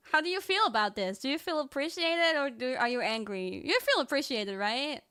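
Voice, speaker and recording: A young woman streamer chatting casually with her viewers, excitable and often laughing, swearing now and then. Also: high voice, measured pace, no echo, studio quality. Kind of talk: casual livestream chat.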